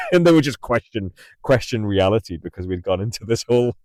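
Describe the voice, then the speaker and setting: A man's voice: medium pitch, a little fast, darkish tone, no echo. A middle-aged man in a parked car, telling a rambling story on his livestream, laughing and repeating himself often. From England. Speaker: livestream host. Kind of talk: casual storytelling chat. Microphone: mic in the car.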